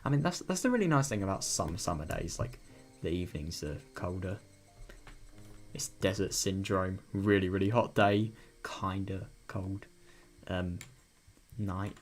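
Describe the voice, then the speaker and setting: A man's voice: sits low, lively intonation, a little slow, faint music behind. A man reading a visual novel aloud and breaking off into chatty, rambling commentary. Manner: rambling, chatty asides with frequent laughs. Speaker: let's-play reader.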